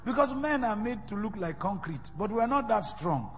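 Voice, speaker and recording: A man with a Nigerian accent preaching a sermon, swinging between loud shouts and soft whispers. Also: high voice, sing-song, moderate pace. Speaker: pastor. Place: large church hall. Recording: reverberant hall with faint music.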